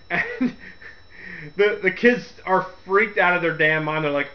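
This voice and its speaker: A man hosting a radio segment, giving a casual, rambling movie review with frequent laughs and quick character impressions. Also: high-pitched, muffled recording. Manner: rambling, laughs often, acts out quotes in character voices.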